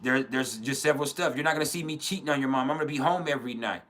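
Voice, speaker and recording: A man's voice: medium pitch, racing, fairly bright tone. A man in his thirties hosting a casual spoken reflection, earnest and blunt, with frequent swearing and restarts. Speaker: podcast host.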